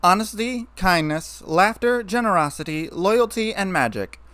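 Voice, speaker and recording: A man's voice: high voice, lively intonation, moderate pace, sharp tone, clean tone, dry recording, voice pushed up. A man reading a story aloud, voicing an earnest, bookish young female unicorn who explains things and turns stern when doubted.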